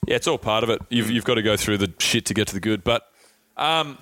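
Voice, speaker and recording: An easygoing Australian man hosts a podcast chat and swears casually as he talks. His voice is bright and forward, and it is recorded dry and close. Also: on the low side, quick pace, no room sound. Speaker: podcast host.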